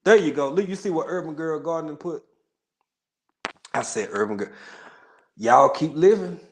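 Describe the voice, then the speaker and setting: On a livestream, a man from Texas talks casually with viewers in his Texan accent, full of jokes, frequent laughter and rambling tangents. The voice is fairly high and animated at normal speed, with a little hiss or hum in the recording.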